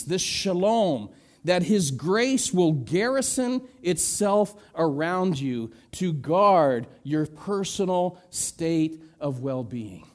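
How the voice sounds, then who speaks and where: A middle-aged man preaching from the pulpit in a fairly high voice. He takes his time, letting phrases sink low and quiet before rising into emphatic, raised peaks. Now and then he turns to gentle self-deprecating humor. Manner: slow and dynamic, swinging from soft low drops to raised emphatic peaks. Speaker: pastor. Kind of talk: sermon.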